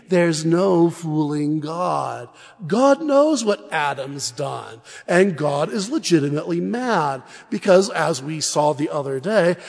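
A man preaching a sermon at a parish mission, telling Bible stories in a lively, humorous way. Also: sits high, gravelly, breathy edge, long reverb tail. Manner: animated storytelling with humor.

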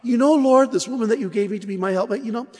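A man's voice: very high voice, darkish tone, breathy edge, long reverb tail, pitched above the performer's own voice. A man voicing a sheepish man who rattles off excuses to shift the blame onto someone else. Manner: rushed, whiny excuse-making.

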